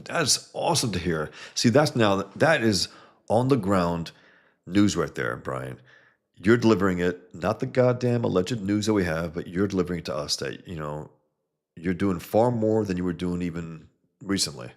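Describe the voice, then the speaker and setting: A man's voice: sits low, animated, moderate pace. A man hosting a casual livestream, talking enthusiastically about comic art and reading chat messages aloud, with blunt profane asides.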